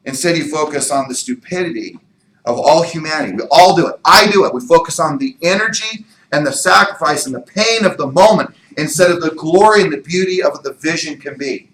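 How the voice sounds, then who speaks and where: A man giving an energetic, emphatic motivational training talk in a meeting room, firing rhetorical questions at the room. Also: on the high side, brisk, echoey room, poor audio. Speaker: real estate sales trainer.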